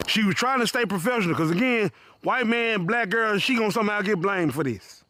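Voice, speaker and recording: A man telling a profane comic story in an animated voice full of punchy asides. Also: sits high, fairly quick, no echo. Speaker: comedic storyteller.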